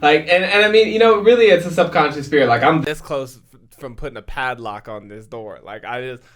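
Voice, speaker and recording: A man hosting a podcast in casual chat, slangy and quick with asides. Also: a little high. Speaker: podcast host.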